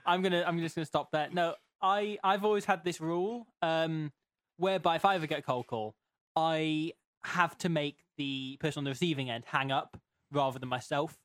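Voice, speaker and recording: A man's voice: fairly high pitch, normal speed, a bit bright, no echo. A young man telling rambling anecdotes in a casual podcast chat, full of ums and restarts. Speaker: podcast co-host.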